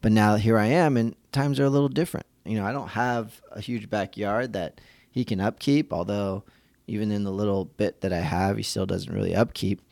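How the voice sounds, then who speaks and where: A man's voice: on the low side, steady tone, a little fast, vocal fry, darkish tone, no room sound. A middle-aged man, a podcast host, talking casually and rambling a little, with restarts and acted-out quotes. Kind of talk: casual solo podcast musing.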